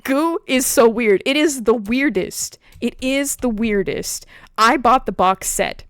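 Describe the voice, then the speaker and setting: Giggly woman streamer, higher voice. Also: measured pace, no room sound, studio quality. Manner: laughs often, animated storytelling. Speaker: streamer host. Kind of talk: casual chat on a livestream.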